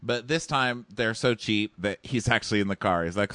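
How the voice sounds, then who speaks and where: A man with a fairly low voice co-hosts a casual chat and keeps up a stream of snarky, mocking jokes. The sound is close and dry, with no room around it. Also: normal speed, bright, forceful tone, no room sound. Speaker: podcast co-host.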